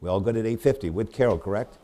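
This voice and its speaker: A man working as an auctioneer, calling bids in rapid repetitive runs and breaking off for chatty asides about the items, with a New England accent. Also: fairly low pitch, mellow.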